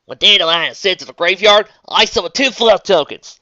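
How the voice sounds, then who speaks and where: A reader voicing a brash young Southern cowgirl card duelist in a put-on Southern drawl, loud and showy. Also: mid-range voice, animated, fairly quick, dry recording, dull audio, pitched above the performer's own voice. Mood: taunting. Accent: put-on American Southern.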